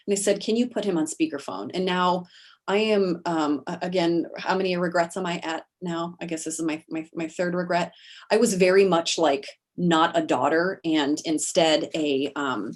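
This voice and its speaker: A woman telling her own story as an interview guest on a video call, halting, with many fillers and restarts. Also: on the low side, fairly even intonation. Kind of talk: personal account in an interview.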